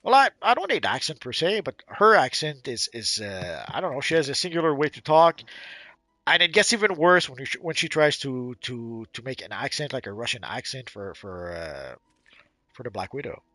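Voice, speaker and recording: A man's voice: mid-range voice, big pitch swings, sharp tone, no room sound. A man co-hosting a game livestream in casual chat, blunt and opinionated, often stumbling and repeating words as he talks. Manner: halting, repeats words, trails off.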